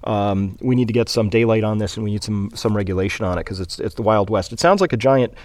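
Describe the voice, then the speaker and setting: A man with a fairly low voice hosting a radio interview, recorded dry in a studio. He pauses and restarts as he frames each question. He sums up the guest's points in plain, conversational terms. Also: a little mellow, dry recording. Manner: hesitant, many fillers and restarts while framing questions. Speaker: interviewer host.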